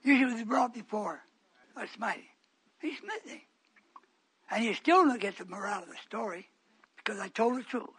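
A man, likely older, preaching a storytelling sermon, swinging from quiet asides to shouted outbursts. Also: sits high, animated, normal speed, long pauses, husky.

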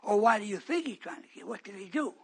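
A man, likely older, preaching a storytelling sermon, swinging from quiet asides to shouted outbursts. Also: high voice, lively intonation, fast, vocal fry, breathy edge.

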